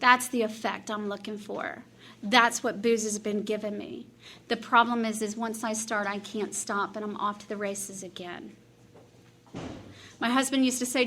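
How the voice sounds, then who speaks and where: A woman from Dallas, giving an animated recovery meeting share, laughing often and acting out her own past dialogue. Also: mid-range voice, moderate pace. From Dallas, Texas. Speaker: AA speaker.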